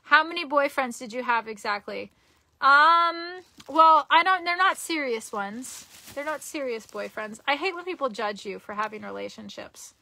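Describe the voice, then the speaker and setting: A young woman vlogger chats casually on a live stream from her cluttered bedroom, giggling, rambling, and often restarting sentences. Her high voice is expressive, creaky, and sharp in tone, at a moderate pace.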